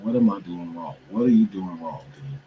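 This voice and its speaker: A man's voice: deep voice, moderate pace, dull audio, slight background noise. A young man hosting a show, talking casually to viewers while he struggles with his computer, muttering and swearing to himself in frustration. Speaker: podcast host.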